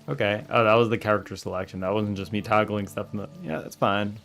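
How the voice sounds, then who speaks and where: A man giving casual let's-play commentary as he streams a game, excitable and yelling at the characters in mock outrage. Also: lowish voice, brisk, hardly any pauses, soft background music.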